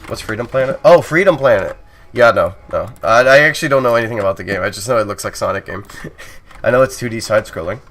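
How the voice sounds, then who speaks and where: A man's voice: lowish voice, quick pace, fairly bright tone, slight background noise. A man streaming his game development, chatting casually with viewers and reading their messages aloud, laughing often. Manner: laughs often, easygoing and self-mocking.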